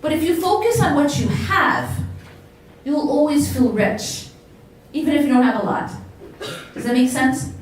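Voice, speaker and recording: An American woman delivers a motivational religious lecture to a live audience, often putting questions to listeners and repeating words for emphasis. Her high voice has lively intonation and a slightly slow pace. The very echoey hall and distant mic add a little hiss or hum.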